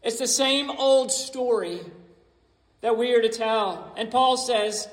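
Man preaching in an echoey hall, really high voice, keeps hammering the same points. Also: slow. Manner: emphatic, repeats key phrases. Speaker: pastor. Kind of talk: sermon.

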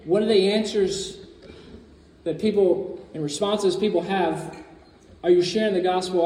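High-voiced man preaching in an echoey hall. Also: darkish tone. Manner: earnest, emphatic, repeats key phrases. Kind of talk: sermon. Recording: echoey hall, mic far from speaker.

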